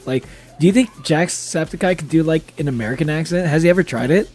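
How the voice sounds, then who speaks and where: A man's voice: on the high side, fast talker, a little mellow, soft background music. A man streaming live in casual chat, a little tipsy from drinking, who laughs often and swears freely.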